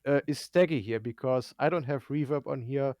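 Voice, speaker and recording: A man's voice: medium pitch, normal speed, mellow, no echo. A man from Germany, a guest on a casual live stream, explaining things at length with dry humor.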